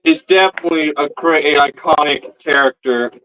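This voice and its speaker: A man's voice: a little high, normal speed, bright, forceful tone, low-quality recording. A man talking to camera in a rambling comedy vlog, stammering and repeating words as he goes.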